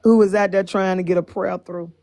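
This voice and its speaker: A woman's voice: mid-range voice, fairly even intonation, fairly quick, dark tone. A woman calling into a live show, speaking emphatically and preachily and repeating her points. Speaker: caller. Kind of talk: casual call-in commentary.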